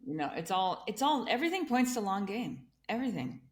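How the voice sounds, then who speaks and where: A woman's voice: medium pitch, very animated, brisk. A woman in a conversational interview who explains energetically and builds her points in repeated lists. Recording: echoey room.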